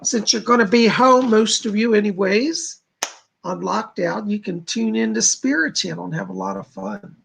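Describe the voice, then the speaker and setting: Gravelly-voiced man chatting on a livestream. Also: high voice, moderate pace, fairly bright tone. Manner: chatty, rambling, reads chat aloud. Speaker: livestream host and psychic. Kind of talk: casual livestream chat. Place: home studio.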